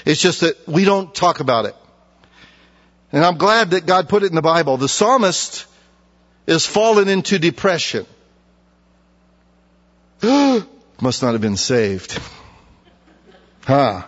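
Male pastor, folksy sermon delivery with dramatic pauses; dull recording in a reverberant church. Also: sits high, lively intonation, a bit bright. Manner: folksy preaching, slows for emphasis, acts out mockers. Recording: dull sound with long reverb.

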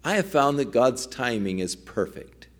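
A man's voice: mid-range voice, big pitch swings, unhurried. A male pastor preaching a sermon, telling a story earnestly and acting out its quoted dialogue.

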